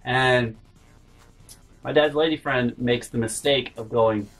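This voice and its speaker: Male vlog host, husky voice, rambling storyteller who trails into mutters. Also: mid-range voice, steady tone, slow pace, fairly bright tone, poor audio. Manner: rambling, self-interrupting, drops to mutters.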